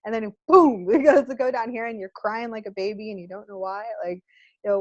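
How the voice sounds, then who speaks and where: A woman co-hosting a casual spiritual chat, animated, laughing often and acting out little quotes with whoops. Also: a little high, fairly quick, dry recording, lo-fi sound. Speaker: spiritual channel co-host.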